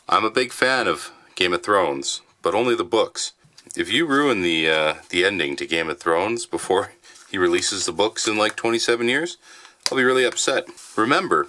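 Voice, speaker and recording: A man casually reviewing military rations in his basement, chatty and relaxed with plenty of fillers. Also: sits low. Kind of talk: casual food review vlog. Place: home basement.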